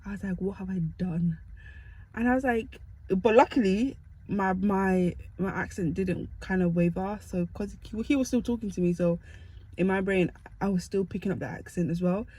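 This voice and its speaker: A woman's voice: medium pitch, moderate pace, darkish tone, no echo, poor audio. A young woman from the UK telling stories to camera in a chatty, self-mocking way. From United Kingdom. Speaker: vlogger. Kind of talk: casual storytelling to camera.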